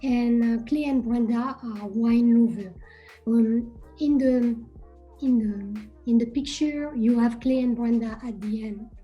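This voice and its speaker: A woman's voice: on the high side, a little slow, dull audio, soft background music. A woman from France with a French accent, a winemaker presenting at a virtual wine tasting over a video call, speaking carefully with frequent ums.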